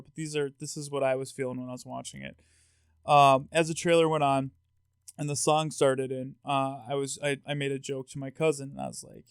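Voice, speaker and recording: A man co-hosting a podcast, telling stories in an animated, rambling way with many restarts. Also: mid-range voice, smooth, no echo, studio quality. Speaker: podcast co-host. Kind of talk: casual podcast chat.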